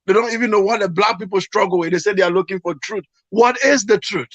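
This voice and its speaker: A man's voice: high-pitched, quick pace, no room sound. A man from Liberia with a Liberian accent, a guest on a video call who talks emphatically and repeats his points for force. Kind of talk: casual video-call conversation. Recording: dull lo-fi video call audio.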